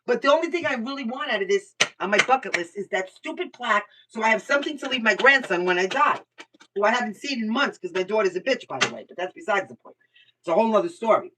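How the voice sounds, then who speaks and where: A woman's voice: mid-range voice, expressive, fast, bright, forceful tone, a little hiss or hum. Blunt older New woman reading tarot. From Brooklyn, New York. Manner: blunt, chatty, swears freely, thinks aloud. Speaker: tarot reader. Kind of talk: live tarot reading, casual chat. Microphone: computer mic. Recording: voice somewhat far from the mic.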